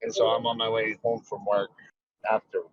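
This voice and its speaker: An American man calling in while driving, talking in a casual chat, animated and stumbling. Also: lowish voice, moderate pace, highs cut off, slight background noise. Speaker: caller from the audience.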